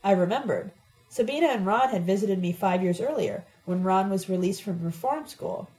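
Mellow-voiced woman reading a novel. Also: medium pitch, expressive, normal speed, poor audio. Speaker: audiobook narrator. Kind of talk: first-person novel narration.

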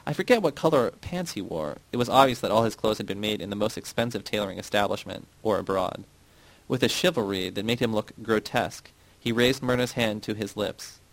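A man narrating a novel in a measured reading voice, giving the characters' quotes a light touch. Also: lowish voice, vocal fry, dry recording, poor audio. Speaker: audiobook narrator. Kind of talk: scripted narration.

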